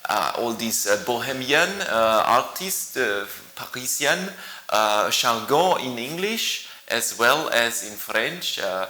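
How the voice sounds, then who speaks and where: A male actor introducing himself to camera, halting and playful, with many pauses. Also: mid-range voice, expressive, bright, forceful tone, reverberant, rough recording.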